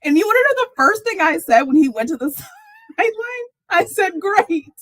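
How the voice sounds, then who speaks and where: This sports livestream host has a very high-pitched voice at a normal speed, captured in a dry, low-quality recording. She tells a story in a lively, casual chat, laughing a lot and squealing upward when she exclaims. She roots for Texas but isn't from there.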